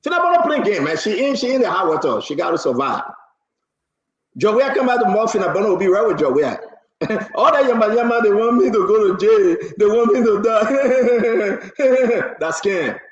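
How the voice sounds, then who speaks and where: A man hosting a political talk show, excitable and mocking, laughing often and repeating his words. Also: high-pitched, fast talker. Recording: roomy, dull lo-fi sound.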